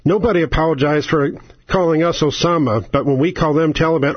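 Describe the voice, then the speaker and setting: A man's voice: on the high side, fairly even intonation, brisk, no room sound. A man hosting a talk radio show, ranting in an angry, sarcastic, exasperated way. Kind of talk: political radio rant. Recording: lo-fi, dry radio sound.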